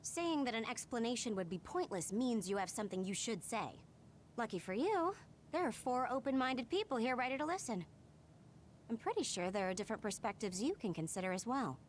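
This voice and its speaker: An actress voicing a calm, reasonable young woman in a video game, speaking in a measured, reassuring way. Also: on the high side, a little hiss or hum. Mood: reasoning.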